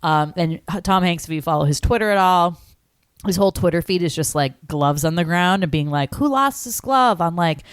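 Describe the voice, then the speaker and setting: A woman in her thirties co-hosts a podcast, chatting casually and rambling with lots of "like" fillers. Her fairly low voice is smooth and steady, a little fast, recorded in studio quality with no echo.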